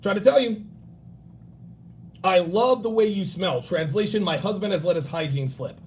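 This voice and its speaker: A man in his forties hosting a livestream, giving blunt, profane dating and grooming advice and acting out other people in quick bursts. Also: sits high, slight background noise. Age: 40s. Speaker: livestream host.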